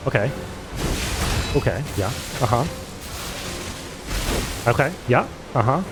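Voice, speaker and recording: A man's voice: lowish voice, expressive, moderate pace. A man streaming a game, chatting casually with viewers, sarcastic and swearing freely. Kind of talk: casual live game commentary. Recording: game music playing behind the voice.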